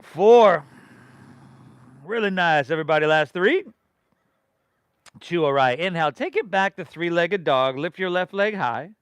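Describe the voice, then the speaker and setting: A man's voice: fairly high pitch, lively intonation, moderate pace, a bit bright, clear, resonant tone, dry recording. A middle-aged man from leading a live yoga class, giving rhythmic breath and pose cues with casual, encouraging asides. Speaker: yoga instructor.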